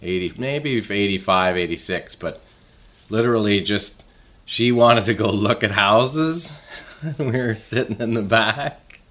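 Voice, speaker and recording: A man's voice: lowish voice, measured pace, a bit bright. A man telling stories in casual chat with a co-host. He rambles and laughs often.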